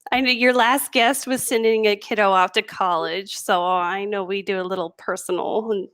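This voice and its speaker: A woman's voice: medium pitch, steady tone, normal speed, fairly bright tone, clean tone, no echo. A woman from New Mexico, a guest on a casual interview show, friendly and enthusiastic.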